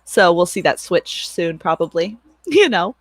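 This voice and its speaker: A woman's voice: fairly low pitch, very animated, a little slow, slightly rough, no room sound. A woman in her thirties hosting a livestream, chatting casually with viewers, rambling and laughing often, with some swearing. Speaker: livestream host and moderator.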